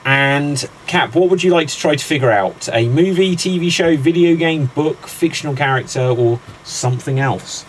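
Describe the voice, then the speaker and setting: A man's voice: fairly high pitch, moderate pace, few pauses, a little hiss or hum, rough recording. A man hosting a live guessing game, upbeat and teasing, often laughing. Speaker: quiz host.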